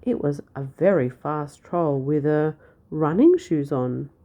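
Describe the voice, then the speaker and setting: A woman's voice: low-pitched, animated, takes it slowly, lo-fi sound, full character voice. A woman voicing a mischievous, bossy young girl shepherd in a read-aloud storybook, snapping and telling sweet little lies. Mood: sweetly fibbing. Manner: sharp, snappy and fibbing sweetly.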